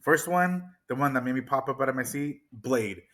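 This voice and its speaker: A man co-hosting a casual movie discussion, talking in an excited, rambling way and swearing freely. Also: mid-range voice, moderate pace. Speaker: podcast co-host.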